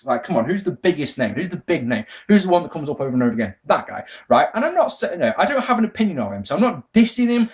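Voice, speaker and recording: A young man ranting casually to camera, his pitch swinging widely from loud bursts to low mutters. His voice sits slightly high for a man. He swears freely and laughs at his own asides. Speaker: wrestling vlogger answering viewer questions. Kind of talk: casual rant.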